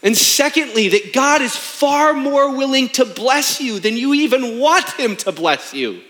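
A man's voice: very high-pitched, lively intonation, unhurried, sharp tone. A man in his thirties, a pastor preaching a sermon in an emphatic, conversational way with rhetorical questions.

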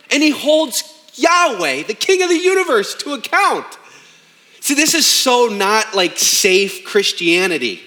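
A man's voice: sits high, big pitch swings, a little slow, bright, forceful tone. A man in his thirties, a pastor preaching a sermon in an emphatic, conversational way with rhetorical questions.

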